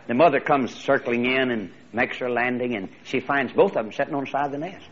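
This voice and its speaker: A man preaching in a folksy, animated storytelling way, often repeating his phrases. His voice is husky and mid-pitched. The recording sounds slightly muffled and lo-fi. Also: brisk, hardly any pauses. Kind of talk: storytelling sermon.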